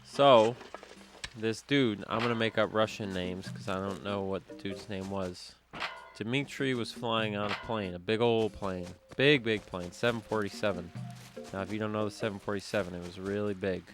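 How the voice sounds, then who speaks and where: A man's voice: lowish voice, fairly even intonation, normal speed. A man casually rambling through a joking story while playing a game, offhand and jokey. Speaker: gaming channel host. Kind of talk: rambling storytelling over gameplay. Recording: music playing behind.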